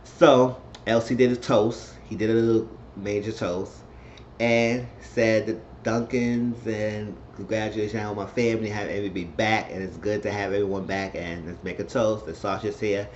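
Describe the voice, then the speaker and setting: Man, low voice, casual show recap, rambling filler-heavy retelling, dull lo-fi audio, faint hiss. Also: steady tone, moderate pace. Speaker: TV recap reviewer. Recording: dull lo-fi sound with faint noise.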